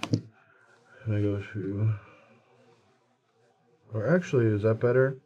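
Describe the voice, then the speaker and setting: Low-voiced man, card player mid-match, talks his plays through aloud with playful restarts. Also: takes it slowly, slightly rough, highs cut off. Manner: thinks aloud, joking, hesitant restarts. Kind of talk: casual table talk during a match.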